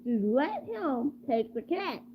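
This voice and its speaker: A woman's voice: high voice, very animated, takes it slowly, heavily acted. A woman voicing a hungry, stubborn street dog, talking insistently. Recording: tinny phone-like, faint hum.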